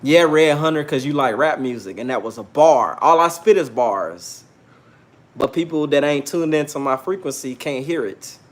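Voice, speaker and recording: Man, 30s, livestream host; brash and preachy, slightly high, very animated pitch. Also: moderate pace. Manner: brash, preachy, challenges chat viewers directly. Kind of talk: casual livestream monologue.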